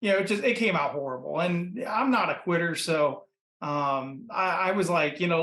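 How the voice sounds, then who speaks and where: A man from Ohio, a podcast guest and pitmaster, telling his story in a relaxed, rambling way full of fillers. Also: high-pitched, moderate pace, roomy sound. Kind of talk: casual interview storytelling. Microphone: computer mic.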